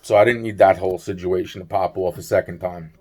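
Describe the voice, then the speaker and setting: Rambling, low-voiced man telling a story. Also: fairly even intonation, fast talker, a little mellow, breathy edge. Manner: rambling, repetitive, full of "you know" and "blah blah blah", swears freely. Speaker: vlogger. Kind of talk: casual rambling storytelling to camera.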